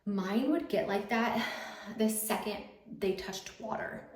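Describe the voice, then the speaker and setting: A woman's voice: mid-range voice, slow pace, darkish tone. A woman in her thirties talking casually while getting ready, with a chatty way of speaking full of fillers. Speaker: YouTuber. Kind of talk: casual get-ready-with-me chat. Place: home. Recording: roomy echo, faint background noise.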